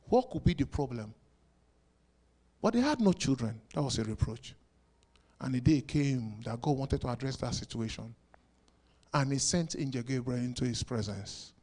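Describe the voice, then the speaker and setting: A pastor preaching a sermon, asking rhetorical questions and bursting into sudden loud shouts. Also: male voice, mid-range voice, lively intonation, normal speed, pauses often.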